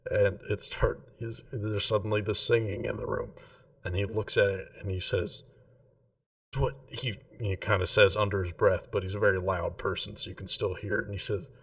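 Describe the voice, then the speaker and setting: A low-voiced man running a tabletop game, narrating in a relaxed, rambling manner full of fillers. He sounds somewhat distant from the mic. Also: fairly quick. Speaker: game master.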